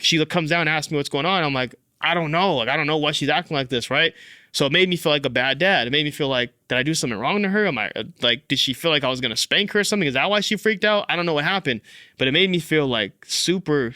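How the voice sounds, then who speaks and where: A young man hosting a fatherhood podcast, telling a personal story in casual, animated speech full of "like" and "bro.". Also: a little high, fast, no room sound, studio quality. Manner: animated, filler-heavy, says "like" and "bro" often. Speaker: podcast host.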